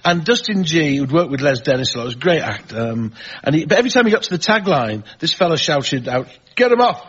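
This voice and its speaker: An older man with a slightly husky, higher-than-usual voice spins a comic anecdote, tripping over the odd word before the payoff. The audio is a touch dull, like broadcast radio. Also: lively intonation, quick pace. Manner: warm storytelling with repeated stammered starts. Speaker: guest comedian. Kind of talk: anecdote telling.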